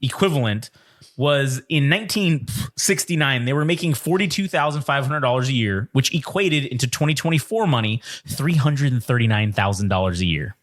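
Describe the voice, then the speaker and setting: A man's voice: medium pitch, expressive, fairly quick, fairly bright tone. A man co-hosting a casual podcast, ranting with lots of swearing and acting out the people he quotes. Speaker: podcast co-host. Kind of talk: casual political rant.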